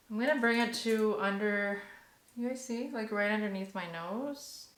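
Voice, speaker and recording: A woman's voice: mid-range voice, moderate pace, fairly bright tone, roomy sound, a little hiss or hum. A young woman hosting a casual hair tutorial vlog, talking in a chatty, nervous way with lots of fillers. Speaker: beauty vlogger.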